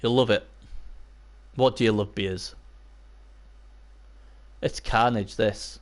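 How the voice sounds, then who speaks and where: A man casting a video game match live, hoarse and losing his voice, chatting to viewers and breaking into excited yelps. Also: slow. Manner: excitable, bursts into high yelps and cheers; chatty, talks to viewers and chat by name. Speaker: live stream commentator. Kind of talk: casual video game commentary.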